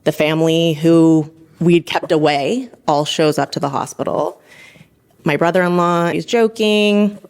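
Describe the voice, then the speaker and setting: A woman in her thirties, a physician assistant, telling her own story in an animated way, laughing often and acting out what people said. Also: low-pitched, a little slow, clear, resonant tone. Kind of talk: personal storytelling.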